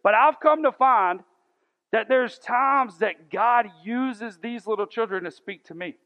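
Male pastor preaching, fairly high voice, conversational, rhetorical questions, long reverb, muffled lo-fi sound. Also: unhurried. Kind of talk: sermon. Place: church sanctuary.

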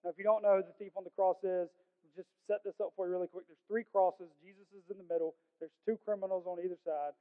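A man's voice: sits high, fairly even intonation, fast talker, few pauses, clear, resonant tone. A male pastor preaching a sermon in an earnest, conversational way with casual slang, recorded in a large church sanctuary. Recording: tinny phone-like sound with long hall reverb.

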